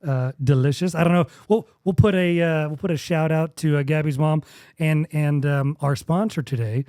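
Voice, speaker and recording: A man's voice: fairly high pitch, a little mellow, no echo, studio quality. A young man from with a drawl, hosting a casual podcast chat and joking around as he rambles. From West Texas. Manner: joking, rambling, quick to laugh. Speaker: podcast host.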